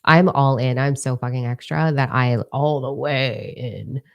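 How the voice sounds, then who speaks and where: Low, gravelly woman, blunt and profane. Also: steady tone, a little slow, highs cut off. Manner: blunt, profane and emphatic, with repeated words for stress. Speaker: motivational speaker. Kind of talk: candid motivational monologue.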